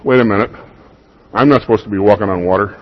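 A man voicing an impulsive, eager fisherman disciple, speaking higher and louder than his own voice, with a slightly husky tone on a dull recording. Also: fast, close to an everyday voice.

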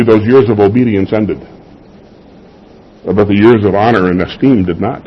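A man's voice: medium pitch, slightly rough. A man preaching a sermon as a pastor, talking in a conversational way and asking the congregation rhetorical questions. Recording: slightly dull lo-fi sound.

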